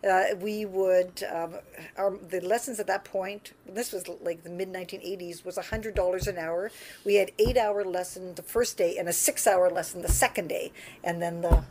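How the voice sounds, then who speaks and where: A Canadian woman in her sixties tells a long personal story about playing piano with an easy, conversational flow. She laughs a lot and starts her sentences over and over. A faint hiss sits behind her voice. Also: mid-range voice. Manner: lively, laughs often, many restarts. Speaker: pianist telling her story. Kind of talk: casual storytelling interview.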